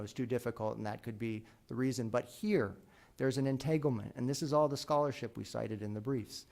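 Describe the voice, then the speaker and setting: Gravelly-voiced man arguing in court. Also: medium pitch, a little mellow. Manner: measured, with filler ums. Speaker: defense attorney. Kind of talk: oral argument.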